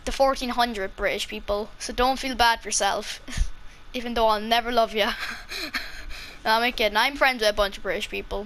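A young Irish woman talks casually into her vlog, chatty and giggly, stumbling through ums as she goes. Her voice sits fairly high and sounds bright and crisp. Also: slight background noise. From Ireland. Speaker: kids YouTuber.

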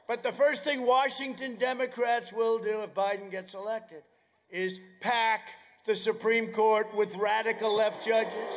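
A man giving a political rally speech outdoors at an airfield. He rambles, drifts into sarcastic asides, and bursts into shouting. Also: very high voice. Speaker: campaign speaker.

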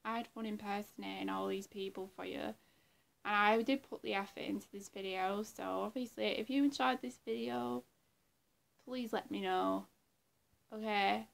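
A woman's voice: mid-range voice, fairly even intonation, normal speed, vocal fry. A woman vlogger chatting casually to her viewers, rambling and giggly and trailing off into murmurs, with a throat infection. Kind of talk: casual vlog chat.

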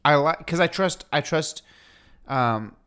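A man co-hosting a podcast, talking in a rambling, jokey and animated way as he chats with his brother. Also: fairly high pitch, takes it slowly, clear, resonant tone. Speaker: podcast co-host. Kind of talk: casual chat.

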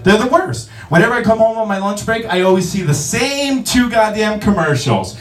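A man doing a stand-up comedy set in a comedy club, brash, profane and animated. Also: high voice, normal speed. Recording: roomy club sound from a distance, audience.

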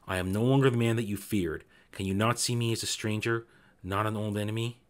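A man reading aloud as a remorseful ghost of a father, speaking softly and mellowly in a deeper voice than his own. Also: steady tone, brisk, natural voice. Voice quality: soft-spoken, hushed.

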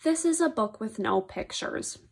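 A woman's voice: on the high side, animated, normal speed, gravelly, husky. Playful woman reading aloud to children. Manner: playful, exaggerated reactions to silly words. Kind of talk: read-aloud lesson for children.

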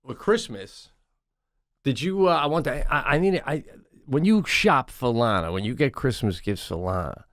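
A man in his forties co-hosting a podcast, chatting casually in an animated, profane way with rapid asides. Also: mid-range voice, dry recording, studio quality. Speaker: podcast co-host. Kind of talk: casual chat.

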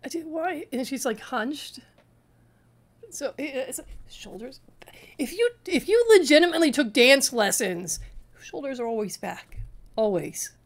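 A woman's voice: high-pitched, big pitch swings, measured pace. A woman hosting a reaction commentary, exasperated and stammering as she talks back at a clip. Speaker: commentary channel host.

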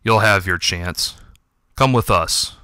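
A menacing tomcat, put on by a man reading aloud speaks from the shadows in a slow, hissing, scoffing drawl. The voice sits a little low but bright and sharp, with a smooth, crisp edge. It sounds close and dry, with no room around it. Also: no room sound, exaggerated voice. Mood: snide, menacing. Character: snide menacing male cat pack leader in shadows. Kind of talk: audiobook character voice.

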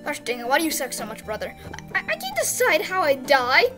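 A woman voicing a sadistic male moon animatronic who taunts his brother in a low, mocking sneer. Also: huge pitch swings, quick pace, over loud music. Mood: mocking menace.

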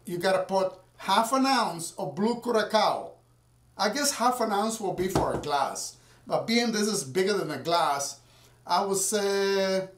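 A man chatting casually to viewers at home while making a drink, rambling as he goes. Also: fairly high pitch. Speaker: home cocktail maker. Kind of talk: casual cooking vlog. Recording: roomy sound, from far off the mic.

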